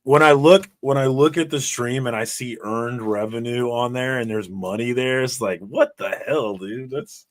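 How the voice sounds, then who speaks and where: A man joins a livestream as co-host and talks casually, putting himself down in a joking way. His pitch is ordinary for a man. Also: normal speed, few pauses, no echo. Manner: self-deprecating, joking.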